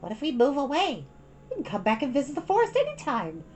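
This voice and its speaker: A woman's voice: high-pitched, wildly swooping pitch, fast talker, darkish tone, a little hiss or hum, voice pushed up. A woman voicing an eager older schoolgirl who talks in a coaxing way.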